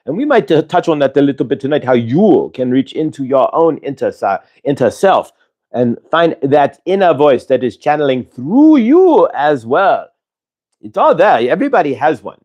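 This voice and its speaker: A man's voice: on the high side, very animated, moderate pace, darkish tone. A man channeling a friendly pair of spirits who speak as one "we", giving a chatty spiritual talk in a raised voice. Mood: explaining.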